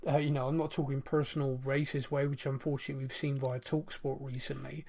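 A man's voice: medium pitch, level tone, fast talker, gravelly, a little mellow. A man hosting a casual football podcast chat, rambling and restarting his sentences. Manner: rambling, self-interrupting, fond of mimicking accents.

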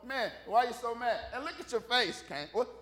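A man's voice: very high-pitched, expressive, moderate pace, fairly bright tone. A man preaching puts on the voice of God, teasing and needling a sulking man. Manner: playful, needling.

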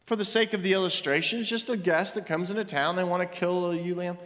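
A male pastor delivering a sermon, rising to emphatic questions and dropping soft and low for confession. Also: steady tone, quick pace, hardly any pauses. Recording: long reverb of a large hall.

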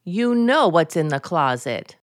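An actress playing a scatterbrained young wife who answers in a flat, innocent way, in 1940s radio acting style. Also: female voice, lowish voice, a little slow.

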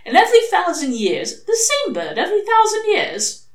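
A woman's voice: extremely high pitch, wildly swooping pitch, pitched above the performer's own voice, heavily acted. A woman voicing a sly male demon who presses his arguments urgently. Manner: pushy, fast-pressing arguments. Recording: echoey room.

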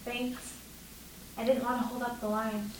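A woman's voice: fairly high pitch, flat delivery, unhurried, a little hiss or hum, close to an everyday voice. Lola, a woman reading an anxious wry flyer. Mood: nervous. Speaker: reader in a live screenplay reading. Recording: echoey room, far from the mic.

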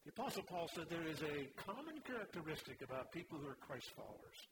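A man preaching a sermon as pastor, emphatic and animated, mixing scripture with humorous stories. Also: fairly high pitch, noisy background.

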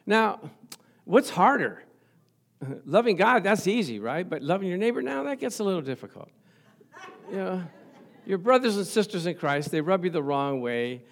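Middle-aged pastor guy preaching, emphatic and repetitive, kinda high voice, laughs at his own stories. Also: sing-song, normal speed, gravelly, long pauses. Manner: emphatic, repeats phrases for stress. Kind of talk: sermon.

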